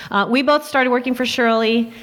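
A woman's voice: on the high side, steady tone, moderate pace, fairly bright tone. Chatty woman in a reverberant hall. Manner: chatty, interjecting. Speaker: composer. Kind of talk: panel talk.

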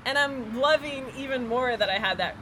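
A woman from New York telling a personal story as an interview guest, animated and full of "like" fillers. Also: sits high, normal speed, a little hiss or hum. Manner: animated, filler-heavy with lots of "like". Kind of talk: casual storytelling.

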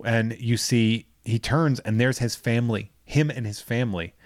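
A man co-hosting a podcast, casually recapping a movie with profanity and quick impressions of the characters. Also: medium pitch, no echo, clean studio sound. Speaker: podcast co-host.

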